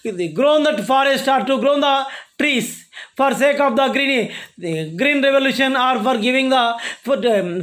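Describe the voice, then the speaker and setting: A male college lecturer, explaining a poem to his class in a halting, repetitive way and asking himself questions before answering them. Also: very high voice, a bit bright. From India. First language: Telugu.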